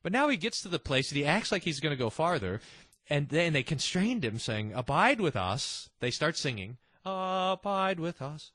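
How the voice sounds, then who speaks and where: A man with a husky, somewhat high voice teaches a Bible passage conversationally. His pitch swings widely as he drops chuckling, delighted asides. The sound is close and dry. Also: big pitch swings, fairly quick, fairly bright tone, no echo.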